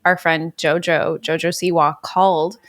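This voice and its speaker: A woman guest on a talk show, an animated storyteller who acts out what others said. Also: deep voice, unhurried, dry recording. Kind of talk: casual interview chat.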